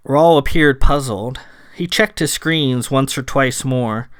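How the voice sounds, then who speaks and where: A man, the author, reading his science fiction novel aloud in a measured storytelling manner. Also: mid-range voice, fairly bright tone, clean tone, dry recording, clean studio sound. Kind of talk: audiobook narration.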